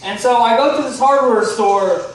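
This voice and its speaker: A high-voiced Texan man performs a stand-up set on a comedy club stage, chatting at a normal speed, swearing, and often asking the crowd "right?" He's recorded from a distance in the echoey club.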